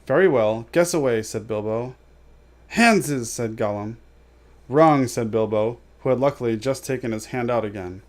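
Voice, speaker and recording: A man voicing a small, nervous hobbit who puts on a loud, bold tone while reading a storybook aloud. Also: medium pitch, moderate pace, close to an everyday voice. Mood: forced bold. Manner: loud, forced cheer. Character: small anxious hobbit trying to sound bold.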